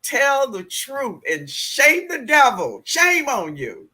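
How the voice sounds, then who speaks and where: A man's voice: very high voice, huge pitch swings, slow, sharp tone. A middle-aged man hosting a live gardening stream, reading the chat aloud and greeting viewers by name, laughing often.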